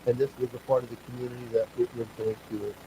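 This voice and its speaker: Halting male talk show host, warm tone. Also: medium pitch, level tone, a little hiss or hum, rough recording. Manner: halting, many fillers and restarts. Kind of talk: casual talk-show conversation.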